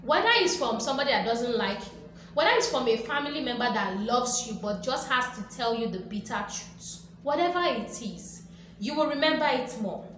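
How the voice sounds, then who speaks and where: An animated woman with a fairly bright, high-leaning voice and a normal speaking speed hosts a motivational video. She stresses and repeats her points and playfully acts out quotes, while the room echoes strongly and faint noise lingers.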